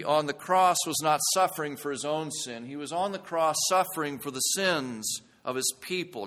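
A man's voice: a little high, pushed and bright, big-room sound. A man preaching a sermon as a pastor, earnest and building to intense emphasis.

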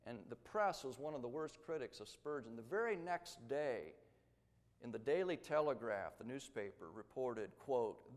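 A man preaching a sermon, telling a story with dramatic swings between loud emphasis and hushed tones. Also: medium pitch, lively intonation, normal speed, big-room sound.

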